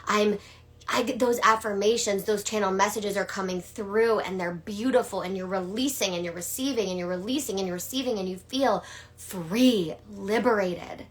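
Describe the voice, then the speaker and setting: A young woman coach talking casually to her viewers in an earnest tone, often dropping into a breathy whisper and swearing now and then. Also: medium pitch, normal speed. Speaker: coach and mentor. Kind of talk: casual live-stream pitch.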